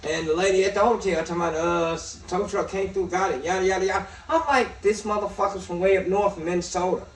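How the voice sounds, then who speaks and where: A man's voice: high voice, fast. A middle-aged man hosting a casual radio talk show, telling stories and cursing freely. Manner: profane, storytelling, animated. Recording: echoey room, distant mic.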